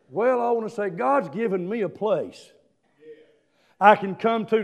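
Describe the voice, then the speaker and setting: Man, preacher, high voice, emphatic storytelling, shouted praise. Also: expressive, a little slow, long pauses, lo-fi sound. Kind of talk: sermon.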